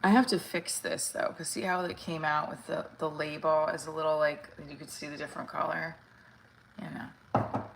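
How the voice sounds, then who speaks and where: A woman with a low voice rambles through a casual live stream, candid and unpolished, dropping fillers and the odd curse. She speaks as an actress talking straight to her viewers. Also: steady tone, normal speed, creaky, noisy background.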